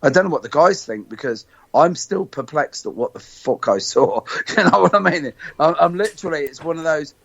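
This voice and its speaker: A man's voice: fairly high pitch, lively intonation, normal speed, vocal fry, hardly any pauses. A man chats on a podcast panel. He rambles, stumbles over repeated words, and swears freely. The audio sounds dull and lo-fi. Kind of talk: casual podcast chat.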